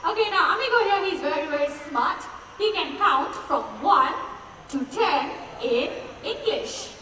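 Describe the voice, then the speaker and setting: High-voiced woman on an echoing PA. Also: animated, unhurried, a little hiss or hum. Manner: chatty, playful, coaxing the birds. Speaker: bird show presenter. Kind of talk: live show presenting to an audience. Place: outdoor bird show amphitheatre. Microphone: PA microphone heard from a phone in the audience. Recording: loud PA echo, recorded from far off.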